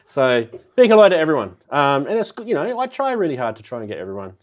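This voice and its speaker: A man hosting a live synth show in casual chat, his voice nasal and muffled from a cold, chatty and quick to laugh as he greets viewers by name. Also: a little high, sing-song.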